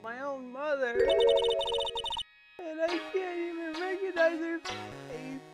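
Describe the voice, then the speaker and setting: A woman voicing an earnest young female spirit medium, speaking softly and hesitantly in game dialogue. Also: very high voice, slow pace, pitched above the performer's own voice. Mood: shaken. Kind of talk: game dialogue read aloud. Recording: loud game music behind.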